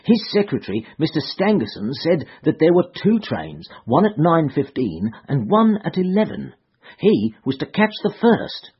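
A man's voice: fairly high pitch, sing-song, moderate pace, husky, muffled recording, voice pushed up, full character voice. A man voicing an agitated, distressed landlady and mother who speaks in an anxious, pleading way. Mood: shaken.

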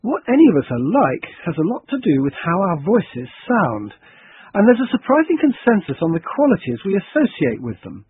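A man presenting a radio documentary, narrating from a script and interviewing guests in a measured, wry way. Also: high voice, huge pitch swings, slightly rough, no room sound. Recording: dry, narrow tinny broadcast sound.

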